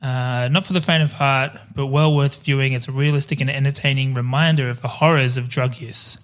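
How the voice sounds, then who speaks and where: A man's voice: mid-range voice, steady tone, fairly quick. A man co-hosting a casual film-review chat, rambling through lists and laughing easily. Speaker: podcast co-host.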